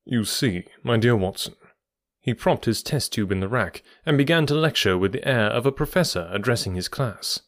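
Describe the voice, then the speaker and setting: A man narrating an audiobook in the first person with a steady, even storytelling delivery. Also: medium pitch, brisk, few pauses, no room sound, studio quality.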